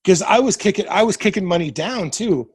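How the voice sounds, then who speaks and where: A husky, slightly breathy man of about forty, from Nebraska, with a fairly high voice for a man. He tells stories casually and swears freely, slipping into the voices of the people he quotes. The sound is dry and close, with no room echo. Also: expressive, fairly quick. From Nebraska, USA. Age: 40s. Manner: profane, retells events by acting out quoted dialogue. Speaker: podcast guest. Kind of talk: casual storytelling.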